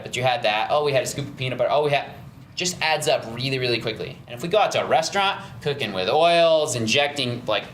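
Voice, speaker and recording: A man's voice: a little high, a bit bright, a little hiss or hum. Upbeat man coaching in a roomy studio. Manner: upbeat, encouraging, many "right?" and "okay?" checks. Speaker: fitness trainer leading a nutrition seminar. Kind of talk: casual seminar talk. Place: fitness studio seminar room.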